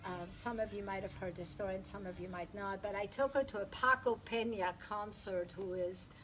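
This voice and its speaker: A woman's voice: medium pitch, fairly even intonation, brisk, fairly bright tone, a little hiss or hum, low-quality recording. A woman giving a heartfelt eulogy at a memorial, telling personal stories and laughing through the funny parts. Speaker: eulogy speaker.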